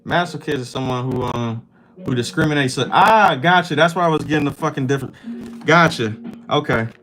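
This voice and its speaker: A man's voice: a little high, a little fast, fairly bright tone, faint music behind, low-quality recording. A man hosting a livestream, chatting loosely and profanely while reacting to his chat. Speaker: livestream host. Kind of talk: casual chat with stream chat.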